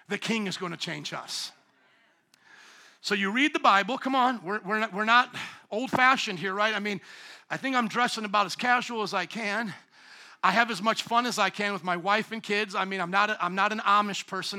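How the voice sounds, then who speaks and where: A middle-aged pastor delivering a sermon in a strikingly high voice. His tone is bright and piercing. He moves between quiet, low passages and loud, shouting peaks. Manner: dynamic preaching, swinging from hushed to shouting.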